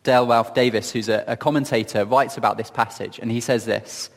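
A man giving reflective Bible teaching in a gentle, earnest storytelling manner, often asking questions of his listeners. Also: medium pitch, fairly even intonation, fairly quick, big-room sound. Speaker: preacher.

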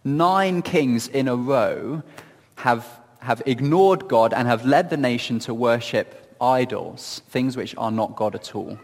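A man giving reflective Bible teaching in a gentle, earnest storytelling manner, often asking questions of his listeners. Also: mid-range voice, takes it slowly, long reverb tail. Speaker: preacher.

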